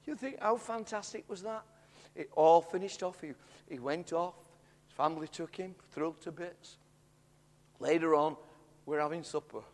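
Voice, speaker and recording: A middle-aged man preaching a sermon, telling a story in an animated way that swells into excited shouts. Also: on the high side, normal speed, pauses often. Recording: long hall reverb.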